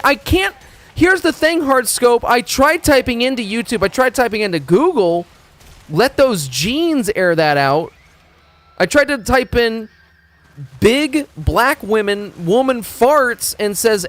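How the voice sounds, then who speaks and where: A man's voice: very high-pitched, animated, normal speed, fairly bright tone. A man streaming games in a rambling, profane chat, stumbling over his words and restarting sentences. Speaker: game streamer. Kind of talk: casual live-stream chat.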